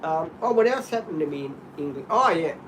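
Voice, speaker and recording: A middle-aged Australian man rambling through animated stories in casual chat, often laughing. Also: a little high, brisk, slight background noise, low-quality recording.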